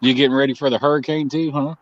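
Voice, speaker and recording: A man's voice: medium pitch, level tone, quick pace, no echo. A man co-hosting a livestream coin auction, chatting casually, laughing often and greeting viewers in the chat. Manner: laid-back, laughs often, chats with viewers. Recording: slightly dull lo-fi stream audio.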